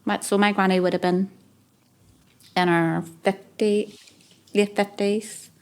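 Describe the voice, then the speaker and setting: A woman's voice: medium pitch, little pitch movement, slow pace. A woman with a Belfast accent who reminisces about her childhood in a chatty, rambling way, with many small fillers. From West Belfast. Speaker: carer sharing memories. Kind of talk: reminiscing on a podcast.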